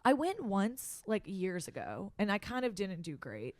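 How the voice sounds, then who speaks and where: A woman hosting a comedy podcast, chatting casually and joking quickly, often talking over her guest. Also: medium pitch, big pitch swings, dry recording. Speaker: podcast host.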